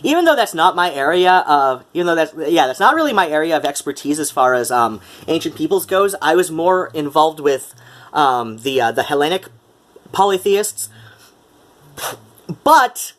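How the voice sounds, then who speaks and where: A man's voice: on the high side, animated, moderate pace, fairly bright tone. Rambling man in Mid-Atlantic accent. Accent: put-on Mid-Atlantic. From Metro Detroit, USA. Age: middle-aged. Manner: rambling, many fillers and restarts, wry. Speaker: vlogger. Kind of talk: casual talk to camera.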